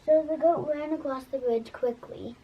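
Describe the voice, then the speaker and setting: Woman storyteller for a puppet show; high-pitched, halting delivery with restarts, in a muffled recording. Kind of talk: reading a fairy tale for a puppet show.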